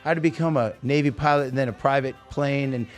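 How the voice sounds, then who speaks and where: A man hosting a podcast, telling stories in a rambling, animated way with lots of restarts. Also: medium pitch, quick pace, faint music behind. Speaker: podcast host. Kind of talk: casual chat, storytelling.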